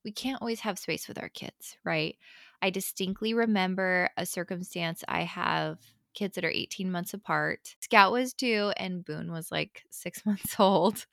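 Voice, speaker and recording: A young woman co-hosting a podcast, her voice a little low with a gravelly fry. She talks in a candid, chatty way, full of "like" and "really." The sound is dry and close. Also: a little slow, a bit bright, no room sound. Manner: candid and chatty, many fillers. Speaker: podcast co-host. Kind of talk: casual advice talk.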